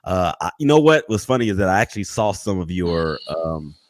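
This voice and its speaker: A man hosting a casual interview, talking in a relaxed, conversational way. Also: low-pitched, a little fast, a little hiss or hum. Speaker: interview host.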